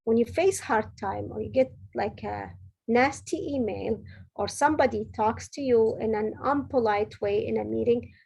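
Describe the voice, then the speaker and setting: Husky, gravelly woman giving career advice. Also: fairly high pitch, normal speed, darkish tone, low-quality recording. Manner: earnest, direct, advising with frequent self-corrections. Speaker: senior director giving a talk. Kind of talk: motivational advice talk.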